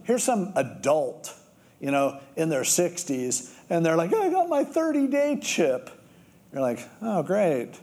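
A middle-aged pastor delivers a sermon in a conversational, storytelling style. His mellow voice is slightly higher than most men's and swings widely in pitch as he slips into other people's voices.

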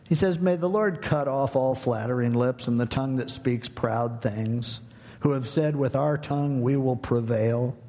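A man preaching a sermon, conversational and humorous, animated as he tells a story. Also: medium pitch, unhurried, in a large hall. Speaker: pastor.

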